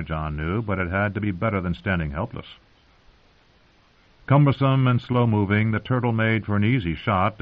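A lower-voiced man narrating a fantasy novel with steady, serious pacing. The audio is narrow and tinny, as if heard over a phone line. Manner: measured, grave storytelling.

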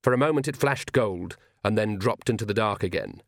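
A man narrating an audiobook in steady, even storytelling. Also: fairly low pitch, brisk, no room sound, clean studio sound.

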